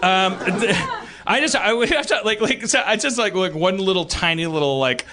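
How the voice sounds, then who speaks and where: A man's voice: sits high, animated, normal speed. A man hosting a live comedy podcast, telling a story in a rambling way, full of fillers and laughter. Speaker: podcast host. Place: stage before a live audience. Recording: live audience crowd noise.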